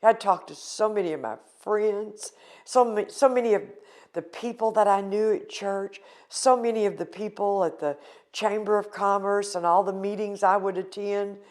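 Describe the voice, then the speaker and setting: An older woman from the United States recounting a painful personal experience in an earnest, emotional interview. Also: mid-range voice.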